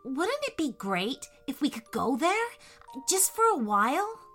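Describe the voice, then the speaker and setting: A woman's voice: high-pitched, measured pace, soft background music, pitched above the performer's own voice, heavily acted. A woman voicing a curious, eager young girl in a children's story. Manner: eager and excited.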